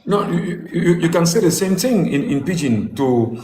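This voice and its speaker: A man's voice: a little high, expressive, normal speed, a little mellow. A man from Cameroon with a Cameroonian English accent, hosting an online interview, hesitant and often repeating words. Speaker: host. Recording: echoey room, faint background noise.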